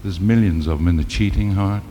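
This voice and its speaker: A man's voice: sits low, a little fast, warm tone, highs cut off, slight background noise. A man on stage doing chatty patter and telling a story between songs. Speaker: singer and stage entertainer. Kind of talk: live stage patter with jokes and song snippets. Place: stage in a concert venue. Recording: live hall with long reverb.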